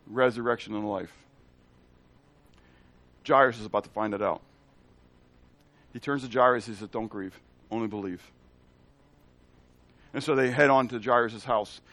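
A man giving an animated Bible teaching, asking the listeners questions and acting out the lines of the people in the story. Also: medium pitch, normal speed, long pauses.

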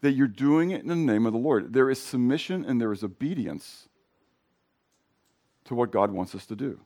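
A middle-aged male pastor with a hoarse voice, preaching in a casual, conversational way and questioning his congregation. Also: mid-range voice, animated, normal speed, dark tone. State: hoarse from sinus drainage. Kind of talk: sermon.

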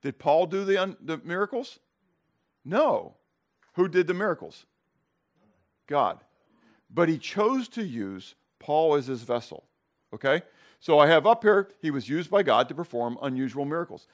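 Animated man teaching a Bible class. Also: on the high side, normal speed. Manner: animated, tags "okay?" and "right?" to check the class; asks the class questions and acts out scenes.

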